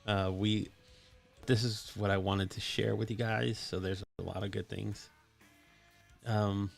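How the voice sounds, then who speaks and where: Speaking a bit slowly in a lowish, creaky voice with little pitch movement, this live stream host has faint music playing behind him. He chats casually and eagerly with plenty of fillers, using a desktop microphone whose voice processing adds depth.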